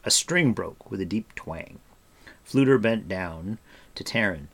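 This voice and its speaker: A man narrating a storybook with an expressive reading. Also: lowish voice, measured pace.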